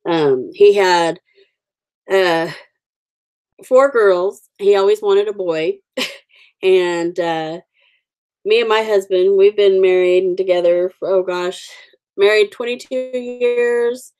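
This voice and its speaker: A woman's voice: medium pitch, slow pace, long pauses, darkish tone, smooth. A woman in her forties hosting a casual livestream, chatting with viewers in a rambling, friendly way with many fillers. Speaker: livestream host. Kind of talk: casual live chat with viewers.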